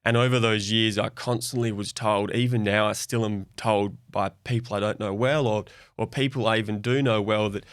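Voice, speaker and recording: A man's voice: on the low side, fairly even intonation, normal speed, few pauses, clear, resonant tone, no room sound, studio quality. A young Australian man speaking openly and reflectively as a guest in a podcast conversation. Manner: open, reflective, soft-spoken.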